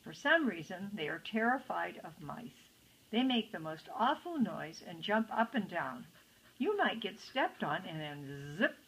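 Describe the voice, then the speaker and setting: A woman's voice: lowish voice, big pitch swings, unhurried, fairly bright tone, breathy edge, full character voice, poor audio. A woman voicing a caring mother mouse in a storybook, giving a warning. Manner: cautionary.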